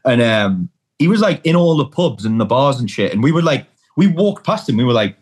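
A man's voice: medium pitch, sing-song, fairly quick, husky. Chatty Geordie man, rambling. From England. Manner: chatty, rambling, repeats words, swears casually. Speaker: podcast guest. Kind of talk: casual chat.

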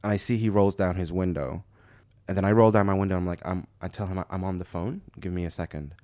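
A man's voice: low-pitched, steady tone, fast, darkish tone, dry recording, studio quality. A young man from Canada casually telling a story on a podcast, laughing as he acts out the other people's lines.

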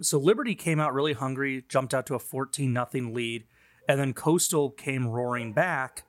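A man's voice: mid-range voice, fairly bright tone, no echo. A man in a mid-range voice talks through football games on a casual podcast, chatty and easygoing with frequent fillers. His voice is recorded dry and close, with no room sound. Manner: chatty, laughs easily, many fillers. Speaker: podcast co-host. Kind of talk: casual sports chat.

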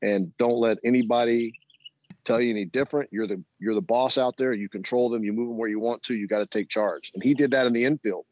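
A middle-aged former baseball player, appearing as an interview guest, rattles off stories quickly in a medium-pitched voice. He's animated, laughs often, and imitates the people he quotes, all captured in lo-fi sound.

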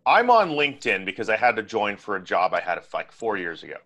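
A man co-hosting a podcast, chatting casually with animated, joking asides. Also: lowish voice, a little fast. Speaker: podcast co-host.

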